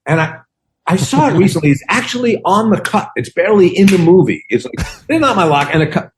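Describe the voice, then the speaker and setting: A man's voice: brisk, a little hiss or hum. A man in his sixties, a comedian and actor, telling casual stories on a podcast and acting out the lines he quotes. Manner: animated storyteller who acts out quotes with big pitch jumps.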